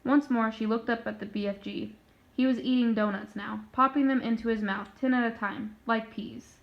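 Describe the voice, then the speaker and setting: A woman reading a children's book aloud in a steady, plain narrating voice. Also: fairly high pitch, normal speed, creaky. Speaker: storyteller. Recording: dull lo-fi recording.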